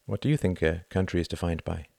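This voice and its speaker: A shaken young man speaks in a subdued, uneasy voice, as a man reading the book plays him. The voice is low and gravelly, recorded dry and close. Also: fairly even intonation, quick pace, darkish tone, no echo. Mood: troubled.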